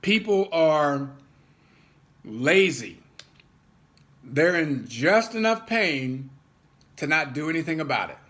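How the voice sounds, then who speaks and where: A man with a fairly high voice delivers a motivational talk to a crowd. He talks emphatically, doubling words for stress and slipping into quoted voices of the people he describes. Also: big pitch swings, slow pace, long pauses, fairly bright tone. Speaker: motivational speaker.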